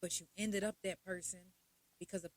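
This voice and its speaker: A young adult woman, hosting a podcast in a blunt, profane, animated casual monologue. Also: fairly low pitch, brisk, no room sound. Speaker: podcast host.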